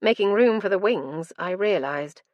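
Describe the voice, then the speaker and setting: A woman's voice: medium pitch, expressive, unhurried, no room sound, highs cut off. A woman narrating a first-person fantasy audiobook in an intense, dramatic storytelling manner.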